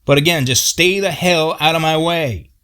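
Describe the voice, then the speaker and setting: Gruff, short-fused tree-feller, put on by a man; low, blunt and profane in a storytelling read. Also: normal speed, lightly acted. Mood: yelling angry. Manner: blunt, profane, folksy backwoods talk.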